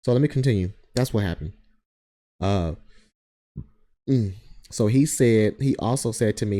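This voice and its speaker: Low, mellow-voiced man telling a rambling story. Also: measured pace, long pauses. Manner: rambling, circling back and repeating himself. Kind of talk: casual personal storytelling.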